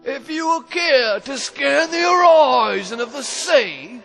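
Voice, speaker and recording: Guy doing a smug british admiral, voice pushed way up high, stretches out every taunt, soft music under it. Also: lively intonation, gravelly, full character voice. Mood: gloating. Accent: put-on British. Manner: gloating, drawn-out taunting. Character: boastful British naval admiral, middle-aged man.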